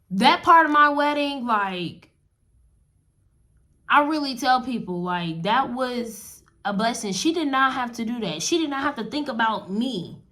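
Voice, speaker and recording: Woman vlogger, slow, fairly high voice, animated testimony straight to camera. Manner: animated, speaks straight to viewers. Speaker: wedding advice vlogger. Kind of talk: casual testimony vlog.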